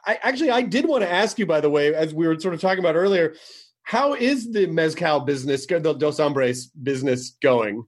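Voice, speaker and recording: A man's voice: on the high side, animated, a little fast. A man co-hosting a podcast in playful casual chat. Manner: playful, joking. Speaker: podcast co-host.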